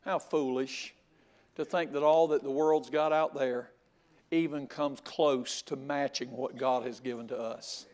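An older man preaching a sermon, telling a folksy story with loud outbursts. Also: mid-range voice, steady tone, a little slow. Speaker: pastor.

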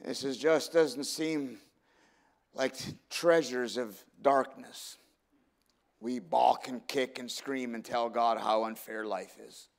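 A man's voice: mid-range voice, slow, creaky. A man preaching a sermon in an earnest, heartfelt way. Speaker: pastor.

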